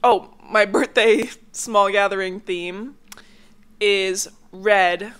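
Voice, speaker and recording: A woman's voice: medium pitch, fairly even intonation, extremely slow, fairly bright tone, clear, resonant tone. A young woman hosting a casual solo podcast, chatty and rambling with lots of filler words, a little congested. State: a bit congested. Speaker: podcast host. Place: home, near a hallway.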